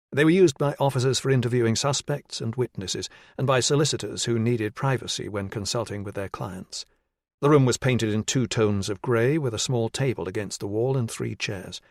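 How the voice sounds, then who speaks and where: Man, audiobook narrator, crime thriller, measured, dry close mic. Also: lowish voice, darkish tone, dry recording.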